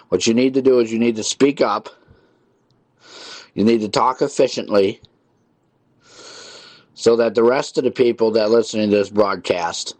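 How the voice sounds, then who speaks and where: A low-voiced male radio host talking into a studio mic, annoyed and repetitive as he scolds callers. The sound is dry and close, with no room around it. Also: darkish tone, dry recording. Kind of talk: call-in radio talk. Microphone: studio mic with headphones.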